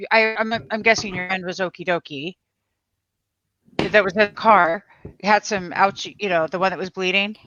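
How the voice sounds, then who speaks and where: A woman's voice: medium pitch, steady tone, normal speed, lo-fi sound, noisy background. A woman hosting a live-streamed interview, effusive and exclamatory. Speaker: host.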